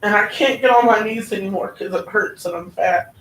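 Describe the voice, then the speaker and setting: This woman speaks a little fast in a mid-range voice as she shares a sincere testimony at church, frequently asking "right?" along the way. The sound is distant and roomy, with a faint hum behind her.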